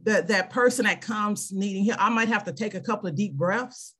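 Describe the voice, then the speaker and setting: Woman in her fifties, earnest, faith-centered, video call audio, mid-pitched. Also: a little fast, fairly bright tone, slightly rough. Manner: earnest, faith-centered, speaks from personal experience. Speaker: clinic worker and military veteran. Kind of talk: scripture reading and conversation on a video call.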